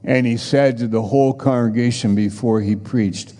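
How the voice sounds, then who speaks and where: A man's voice: medium pitch, fairly even intonation, moderate pace, hardly any pauses, dark tone. A man preaching a sermon in an earnest way that grows emphatic, heard with a long church reverb. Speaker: pastor.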